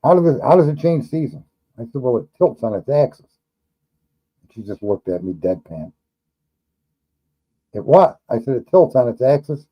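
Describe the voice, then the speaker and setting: A man's voice: fairly low pitch, highs cut off. Blunt, profane New man. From New York. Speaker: livestream host. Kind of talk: casual livestream chat.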